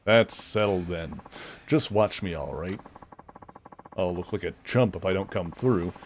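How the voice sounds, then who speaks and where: A calm, dry tough guy, as a man reads his lines aloud. The voice is low and matter-of-fact. Faint noise sits behind it. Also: measured pace. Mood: coaxing. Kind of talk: reading game dialogue aloud.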